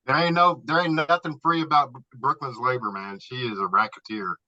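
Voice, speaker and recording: A man's voice: mid-range voice, steady tone, a little fast, bright, forceful tone, dry recording. A man in a casual club chat, loose and profane, laughing as he tells stories over a video call. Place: home garage. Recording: dull lo-fi video call audio.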